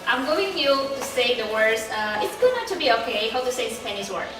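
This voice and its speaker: Young woman host, casual and giggly, a bit high voice, echoey room away from the mic, music underneath. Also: big pitch swings, fairly quick, recorded from a distance. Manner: laughs often, many fillers. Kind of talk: casual interview in Indonesian and English.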